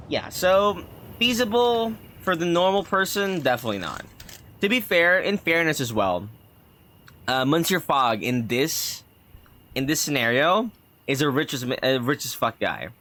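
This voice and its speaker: A man's voice: a little high, very animated, unhurried, sharp tone. A man streaming a game, chatting casually and rambling with lots of fillers. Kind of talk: casual gameplay commentary.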